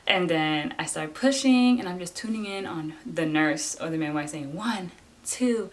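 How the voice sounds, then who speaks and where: A young woman vlogger telling a personal story in a casual way, animated, often saying "like" and acting out what others said. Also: deep voice, normal speed. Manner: animated, acts out voices of nurses and husband; fills talk with "like".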